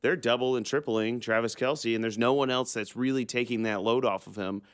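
A man's voice: mid-range voice, fairly even intonation, a little fast, clean tone, dry recording, clean studio sound. A man co-hosting a sports talk show, chatting easily, agreeing and then adding his own analysis. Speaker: sports radio co-host.

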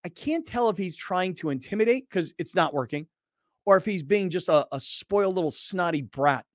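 A man's voice: high voice, lively intonation, moderate pace, no echo, clean studio sound. A man hosting a sports talk show, talking emphatically and with sarcasm.

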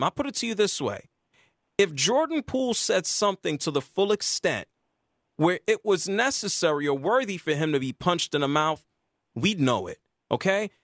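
A man's voice: no echo, clean studio sound. Emphatic man hosting sports radio. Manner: emphatic, argumentative, lively pitch swings.

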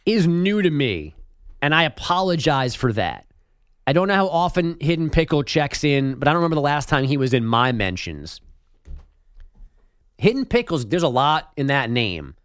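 A man's voice: on the high side, big pitch swings, normal speed, a bit bright, clean tone, no room sound, studio quality. A man hosting a sports talk radio show, bantering in a wry, joking way. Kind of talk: casual on-air banter.

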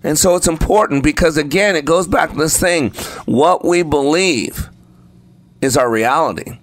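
A man's voice: a little high, moderate pace, no echo. A man preaching a sermon, speaking emphatically and repeating phrases for effect. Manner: acts out the story voices while telling it.

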